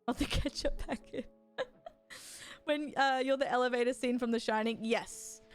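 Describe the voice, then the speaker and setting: A woman's voice: high voice, steady tone, normal speed, clean tone, faint music behind. A young woman, chatting casually with her chat while gaming, rambling and swearing freely. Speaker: streamer.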